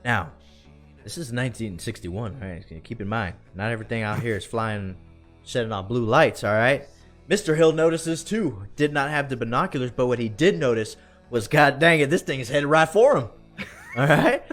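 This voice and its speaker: A man, telling a story in a drawn-out country storytelling voice and often asking "all right?". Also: medium pitch, soft background music. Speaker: podcast co-host.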